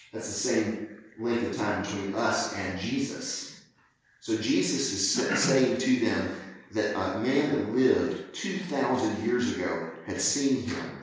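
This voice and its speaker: A man's voice: on the low side, slow, slight background noise. Man, preacher, emphatic sermon, very echoey church, distant mic. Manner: earnest, emphatic preaching with dramatic quotes. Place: church sanctuary.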